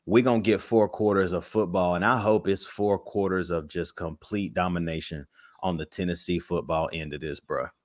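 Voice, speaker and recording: Male podcast co-host, low voice, dry close sound, slangy and hyped. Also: fairly even intonation, moderate pace, no echo. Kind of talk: casual sports chat.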